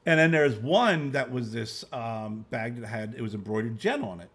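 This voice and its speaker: A middle-aged man co-hosting a casual chat, an animated storyteller who swears freely and laughs often. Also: mid-range voice, moderate pace, breathy edge. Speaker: podcast co-host.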